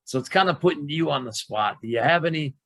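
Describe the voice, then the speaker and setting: A man's voice: fairly high pitch, lively intonation, fast, a bit bright, no echo, poor audio. A man hosting a casual interview, asking long, rambling questions full of restarts. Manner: rambling, with many fillers and restarts. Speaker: interviewer, host.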